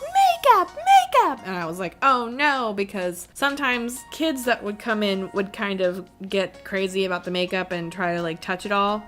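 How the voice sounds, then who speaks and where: A woman's voice: mid-range voice, fairly bright tone. A woman vlogger telling a casual story, chatty, laughing easily and saying "like" and "you know" a lot.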